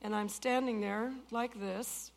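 A woman in her sixties preaching a testimony, swinging from loud outbursts to hushed tones. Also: mid-range voice, fairly even intonation, measured pace, gravelly. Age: 60s. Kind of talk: sermon testimony.

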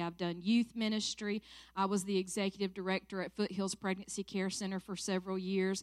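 A woman's voice: mid-range voice, clean tone, no echo, clean studio sound. A woman in her forties from South Carolina with a Southern accent, a church staff minister praying and sharing testimony in an emotional, earnest way. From South Carolina, USA. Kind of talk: prayer and personal testimony talk.

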